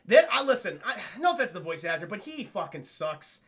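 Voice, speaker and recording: Animated, profane man streaming a cartoon recap. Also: high voice, a little fast. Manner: animated, addresses chat constantly, laughs often. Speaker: cartoon reviewer live-streaming to chat. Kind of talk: casual profane recap commentary.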